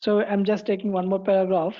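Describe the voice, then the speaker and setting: A woman walking through a coding tutorial, pausing and repeating phrases as she types. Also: mid-range voice, level tone, muffled recording. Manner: halting, repeats phrases while typing. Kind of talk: screen-recorded coding tutorial.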